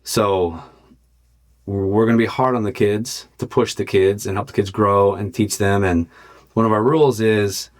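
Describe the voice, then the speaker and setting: A man's voice: fairly low pitch, steady tone, measured pace. A middle-aged man hosting a podcast, telling a personal story in an earnest, casual way with many restarts. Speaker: podcast host and youth football coach.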